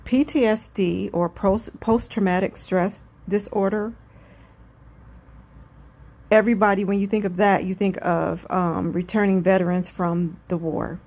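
A woman's voice: mid-range voice, steady tone, a little slow, a little mellow, husky. A woman hosting her own podcast, talking alone at home late at night in a rambling, chatty, self-aware way. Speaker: podcast host. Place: home room with windows open.

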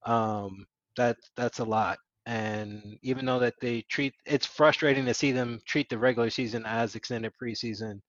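A man's voice: mid-range voice, steady tone, moderate pace, few pauses, no room sound, dull audio. A man co-hosting a casual sports podcast, speaking hesitantly with many fillers. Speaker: podcast co-host.

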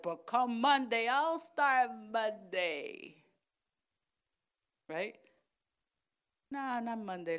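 A woman pastor with a slightly high, clear, resonant voice preaches a lively sermon. She swings from loud, excited calls to hushed, near-whispered lines and acts out little voices.

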